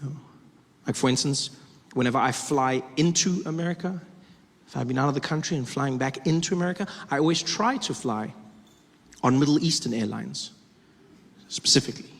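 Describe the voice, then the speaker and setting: A man performing a stand-up comedy set, animated and laughing as he tells his stories. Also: mid-range voice, brisk. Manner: animated, laughing, shifts into voices. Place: live comedy stage. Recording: echoey live venue, faint noise.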